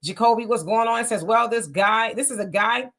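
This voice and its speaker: Bright-voiced woman hosting a livestream chat. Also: fairly high pitch, moderate pace. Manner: greets viewers by name, reads comments aloud and agrees. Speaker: livestream host reading viewer comments.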